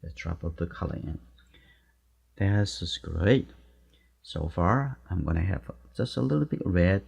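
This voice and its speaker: Low gravelly man teaching watercolor. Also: expressive, moderate pace. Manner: soft-spoken, encouraging, talks while painting in short phrases. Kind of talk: live painting demonstration. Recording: dull, muffled recording.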